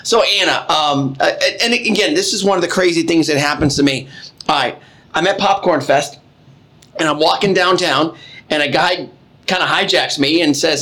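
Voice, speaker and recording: Man, high voice, jokey co-host telling casual stories. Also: normal speed, sharp tone. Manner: jokey storyteller, laughs often. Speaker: podcast co-host. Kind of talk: casual chat.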